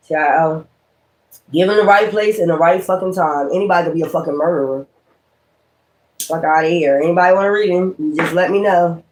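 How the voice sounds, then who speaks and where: High pitched guy ranting on his tarot stream, cussing a lot, in your face, says stuff over and over. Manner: profane, confrontational, repeats himself. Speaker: tarot reader. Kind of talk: livestream rant.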